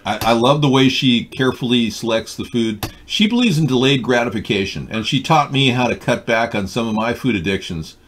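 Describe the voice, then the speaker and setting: A middle-aged man hosts a live call-in stream, chatting and bantering in a lively voice that swings up and down. His pitch sits in the middle, and he talks loosely and casually with his caller. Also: fairly quick, few pauses, a little hiss or hum. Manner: animated, bantering, drifts into a put-on accent. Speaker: live stream show host.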